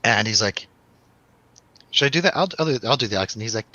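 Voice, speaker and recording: A man's voice: mid-range voice, expressive, moderate pace, pauses often, pushed and bright, no room sound, poor audio. A man hosting a radio show, telling a rambling, laughing, swearing story in a casual chat.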